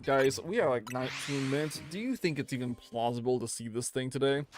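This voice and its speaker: A man's voice: medium pitch, fairly quick, a little hiss or hum. A young man streaming a game, telling a story in casual, rambling chat full of slang and restarts.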